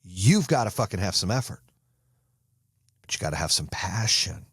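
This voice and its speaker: A man's voice: fairly low pitch, very animated, normal speed, breathy edge, no room sound, clean studio sound. An American man hosting a podcast, delivering an intense, profane motivational monologue. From United States. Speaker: podcast host.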